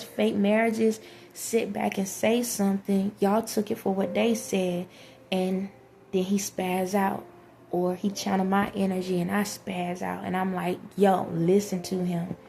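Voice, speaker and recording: Low gravelly woman, flat earnest monologue. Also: slight background noise. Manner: earnest, rambling, addresses viewers directly. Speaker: vlogger. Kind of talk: spiritual monologue to viewers.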